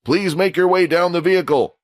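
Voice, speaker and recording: A man's voice: sits high, fairly quick, voice pushed up, natural voice. A man voicing an old male general who gives firm orders to a crowd of students, in an audio story. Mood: commanding. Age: older.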